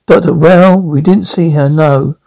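A man's voice: on the high side, fairly even intonation, a little slow, vocal fry, dark tone, low-quality recording. A man voicing an eager, resourceful male traveller, reading a script and stumbling over words. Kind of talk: script read aloud.

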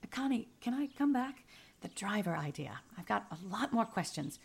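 An actress playing a polite, eager novelist who interviews people for a book in a radio drama. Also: female voice, medium pitch, big pitch swings, normal speed, gravelly, breathy edge, heavily acted. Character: eager young woman novelist researching expats.

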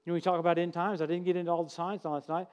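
A man, preaching a sermon in a church, telling stories in a folksy, humorous, animated way. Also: a little high, rapid-fire, dull audio. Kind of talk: sermon with storytelling.

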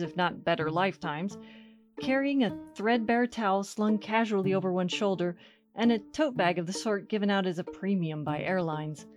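A woman giving a dramatic reading of a short story in a wry, measured way. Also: medium pitch, darkish tone. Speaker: story reader.

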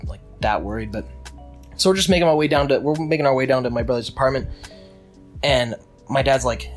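A man's voice: medium pitch, fast talker, soft background music. A young man casually telling a long story with many restarts, acting out what people said. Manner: rambling with restarts, acts out quotes.

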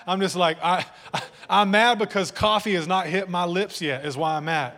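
A pastor preaches a sermon in a church hall, his voice a bit higher and brighter than most men's, brisk with few pauses. He's loose and conversational, often restarting phrases, repeating words, and teasing the congregation, while the big room adds long reverb.

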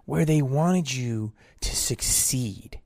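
A man rants his way through a podcast monologue, blunt and salted with profanity. His voice has a gravelly edge, and it sits close and dry on the mic with no room sound. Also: medium pitch, slow, a little mellow, no room sound. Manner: blunt, profane, rambling rant. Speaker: podcast host; actor on tour. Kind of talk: casual monologue.

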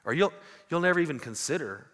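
Pastor preaching in an echoing hall. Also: male voice, on the high side, animated, quick pace. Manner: storytelling, dramatic swings from loud to hushed. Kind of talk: sermon. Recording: long hall reverb.

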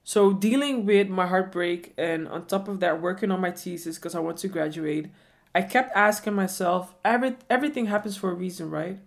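A woman's voice: lowish voice, moderate pace. A woman in her twenties telling a personal story in a reflective way, often repeating questions to herself. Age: 20s. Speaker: vlogger.

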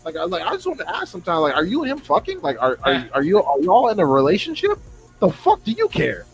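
A man's voice: sits high, huge pitch swings, fast, faint music behind, low-quality recording. A man on a podcast, ranting in a profane, exasperated way and mocking fans in put-on voices. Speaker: podcast co-host. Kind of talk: heated casual podcast rant.

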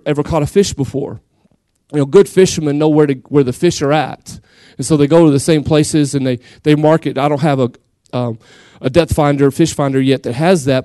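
High-voiced Southern preacher, booming and lively. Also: male voice, no room sound. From Texas. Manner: lively, shouts and drawls phrases to the congregation. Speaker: guest pastor. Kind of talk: Pentecostal sermon. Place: church.

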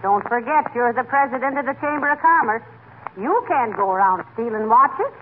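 An actress playing a brisk, scolding middle-aged wife with a lilt in a 1940s radio comedy. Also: female voice, fairly high pitch, animated, lightly acted. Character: chipper middle-aged wife with a lilting brogue. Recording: tinny old radio broadcast with faint hiss.

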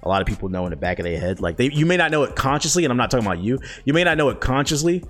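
A man's voice: medium pitch, expressive, rapid-fire, a bit bright, faint music behind. A man in his twenties answering viewer questions in a loose, profane, slangy way with lots of fillers. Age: 20s. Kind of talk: casual chat.

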